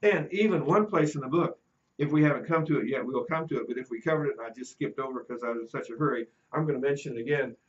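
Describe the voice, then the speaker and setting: In a muffled recording, a middle-aged man with a mid-range voice talks fast while teaching a class as a teacher educator. He tells anecdotes and acts out the voices of the people in them.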